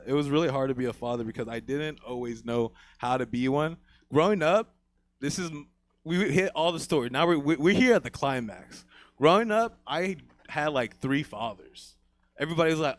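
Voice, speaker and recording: A man's voice: mid-range voice, a bit bright, dry recording. A man doing a crude stand-up comedy set, swaggering and laughing at his own jokes.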